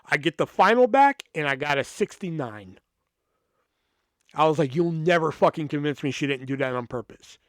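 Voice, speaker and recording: Animated, profane young man telling a story. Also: a little high, moderate pace, no room sound, clean studio sound. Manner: profane, animated, acts out quoted exchanges. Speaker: podcast host. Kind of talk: casual storytelling.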